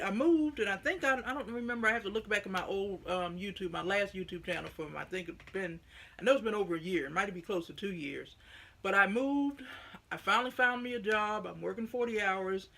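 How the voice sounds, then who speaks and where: Middle-aged Southern woman vlogger, gravelly, folksy, rambling chat to camera. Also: medium pitch, animated, a little fast, a bit bright, slight background noise. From United States. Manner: chatty and folksy, rambling asides.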